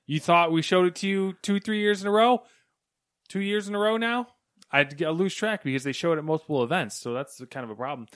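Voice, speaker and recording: A man's voice: sits high, a little fast, a bit bright, dry recording, clean studio sound. A man co-hosting a casual gaming podcast, ranting with exasperation and swearing. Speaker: podcast co-host. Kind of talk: casual gaming news chat.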